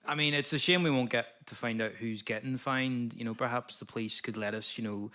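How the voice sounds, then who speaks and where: A man's voice: medium pitch, fairly quick, pushed and bright. A man on a comedy panel making jokes in a hesitant, understated way with many fillers.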